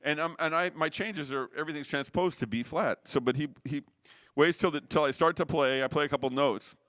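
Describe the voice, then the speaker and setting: A man's voice: a little high, brisk, fairly bright tone, dry recording, clean studio sound. A middle-aged man, a jazz saxophonist, telling rambling stories in a casual interview. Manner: rambling anecdotal storyteller with frequent restarts.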